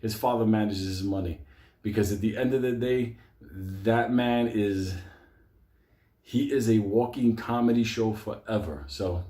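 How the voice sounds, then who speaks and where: A man's voice: medium pitch, unhurried. Profane man telling stories in a roomy space. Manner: animated, heavy swearing, laughs often. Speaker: storyteller. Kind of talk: casual profane storytelling.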